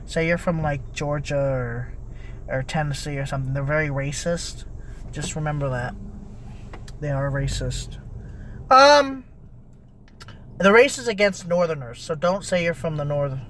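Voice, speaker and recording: A young adult vlogger with a drawl rambles on from the driver's seat. The talk circles back on itself with animated asides. A faint hum of traffic sits behind the voice. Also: mid-range voice, unhurried, pauses often. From Texas. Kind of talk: casual rant while driving.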